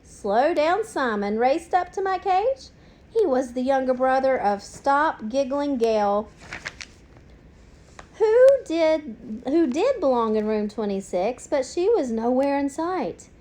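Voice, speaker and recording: A woman reading a children's storybook aloud in an expressive, unhurried way. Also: high voice. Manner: expressive, unhurried, with gasps and sudden bursts. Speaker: narrator.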